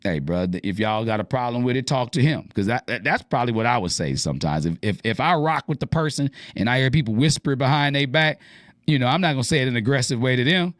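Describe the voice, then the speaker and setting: Slangy, animated man host on a dry mic. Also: quick pace, no room sound. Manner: animated, slangy, acts out quoted lines in higher voice. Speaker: radio show host giving advice. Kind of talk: casual advice talk.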